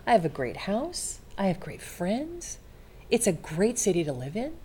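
A woman in her forties, a longtime television host, chatting as a guest and telling stories in a lively way, acting out the people she quotes. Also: mid-range voice, moderate pace, a little hiss or hum. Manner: animated storyteller, acts out quotes. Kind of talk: casual chat.

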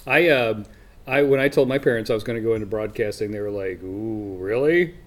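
A man's voice: lowish voice, quick pace. A man hosting his own podcast, chatting casually with a guest and joking at his own expense. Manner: joking, self-deprecating. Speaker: podcast host. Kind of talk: casual chat.

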